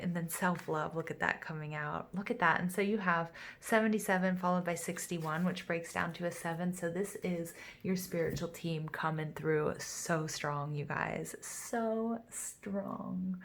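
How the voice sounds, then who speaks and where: A woman giving a casual tarot reading to her viewers, gushing and excitable, full of fillers and a little out of breath. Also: on the low side, measured pace, creaky, slight background noise. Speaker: tarot reader.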